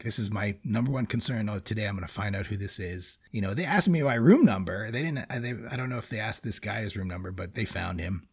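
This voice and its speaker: A man in his forties telling a story in casual conversation, animated and laughing often between phrases. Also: lowish voice, slightly rough.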